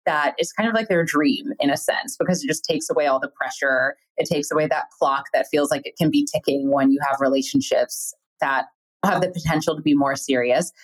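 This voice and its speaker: A woman from the United States hosting a podcast, chatty and quick to laugh while asking questions. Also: low voice, low-quality recording. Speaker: podcast host. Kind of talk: casual interview chat.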